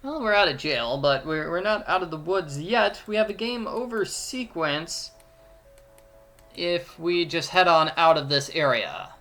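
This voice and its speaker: A man's voice: on the high side, expressive, a little slow, pushed and bright, soft background music. A man giving a playful walkthrough of an adventure game, explaining each step and joking along. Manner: playful, explains steps, jokes and does voices. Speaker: let's play commentator.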